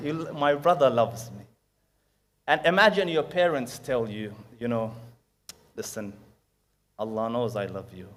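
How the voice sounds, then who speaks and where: Man, preacher, storytelling lecture, loud emphasis, hushed prayers, quick recitation. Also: medium pitch. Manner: rises loud for emphasis, drops soft for quoted prayers; recites Arabic verses quickly.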